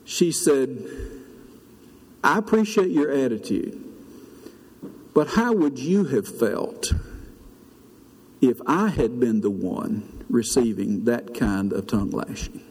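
A man's voice: expressive, slow, pauses often, a little mellow, husky. An older man, preaching a sermon as pastor, telling a story in an earnest way. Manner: storytelling, earnest, rises high when preaching. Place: church sanctuary. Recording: long reverb of a church hall.

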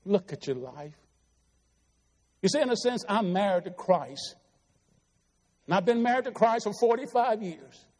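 A middle-aged man delivers an earnest, pleading sermon in a high voice. His words ring out in a church sanctuary, and a long reverb trails behind each phrase. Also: expressive, a little slow, pauses often, darkish tone. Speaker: preacher.

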